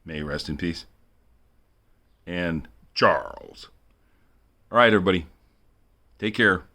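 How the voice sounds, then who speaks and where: Deep-voiced guy rambling on his vlog, repeats himself a lot, keeps chuckling. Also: measured pace, pushed and bright. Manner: rambling, repetitive, chuckling asides. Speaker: video blogger.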